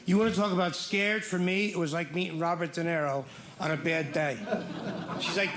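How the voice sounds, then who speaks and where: A man's voice: high voice, fairly even intonation, moderate pace. A man doing a stand-up comedy set, telling wry, mock-exasperated stories about marriage and family. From Ireland. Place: comedy club stage. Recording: echoey stage with loud crowd noise.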